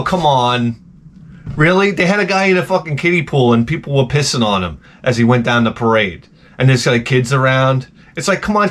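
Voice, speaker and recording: Crude ranting man, fairly high voice. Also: fairly bright tone, slight background noise. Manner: crude, ranting, swings into mocking impressions. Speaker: podcast host. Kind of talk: rambling profane casual chat.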